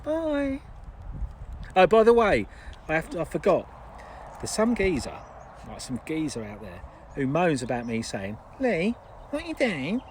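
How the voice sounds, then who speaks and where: A man's voice: on the high side, very animated, moderate pace, a little hiss or hum. A man chatting casually and jokily to camera, rambling with fillers. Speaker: vlogger. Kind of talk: casual vlog chat. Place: outdoors at a marina.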